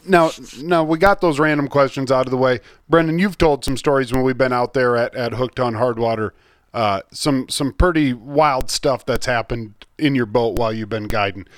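A man hosting a podcast, asking a guest for stories in a halting way, repeating words as he goes. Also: medium pitch, no echo. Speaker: podcast host. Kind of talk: casual interview.

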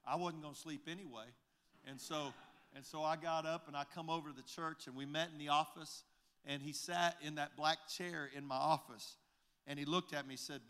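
Bright-voiced male pastor telling a story. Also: on the high side, clear, resonant tone. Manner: recounts conversations, retelling each exchange with repeated "I said, he said"; halting restarts and repeated words. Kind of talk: storytelling sermon.

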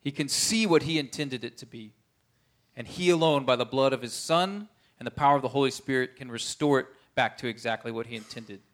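A man's voice: medium pitch, a little fast, fairly bright tone. A man preaching a conversational sermon, earnest, often checking in with his listeners.

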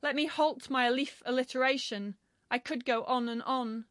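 A woman giving a solemn, measured reading of a translated poem. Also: sits high, steady tone, fairly bright tone, no echo, clean studio sound. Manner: measured, grave recitation. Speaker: poetry reader.

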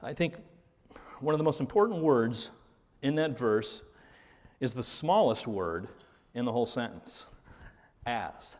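A pastor preaching a sermon, earnest, rising to stress key words and then dropping low. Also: male voice, sing-song, moderate pace, pauses often. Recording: reverberant hall.

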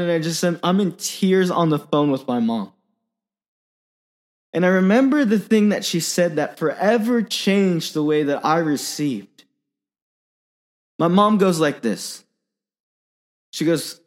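A man's voice: fairly high pitch, animated, normal speed. A young man sharing a personal testimony in an earnest, candid sermon style, often using fillers.

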